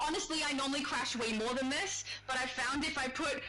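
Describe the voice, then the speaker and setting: A woman's voice: sits high, brisk, few pauses, noisy background. A woman co-hosting a casual gaming livestream, chatty and laughing often as she reads chat aloud. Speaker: livestream co-host. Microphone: home streaming microphone.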